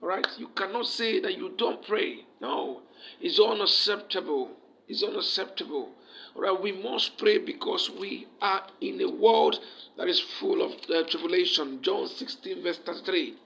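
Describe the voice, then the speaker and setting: A man's voice: high voice, moderate pace, creaky, a bit bright, poor audio. A man preaching a sermon as pastor, emphatic and repetitive, often asking the listeners questions.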